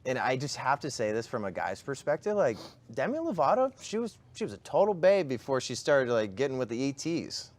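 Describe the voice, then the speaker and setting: A male host of a studio talk show with a lively, jokey, playful manner. His pitch moves around a lot, and he tosses off quick asides. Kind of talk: casual studio chat.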